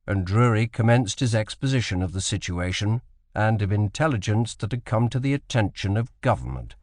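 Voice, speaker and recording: A man narrates a historical sea novel as a scripted audiobook, his delivery measured and even. His voice sits in the mid-range, and the recording is clean studio sound with no echo.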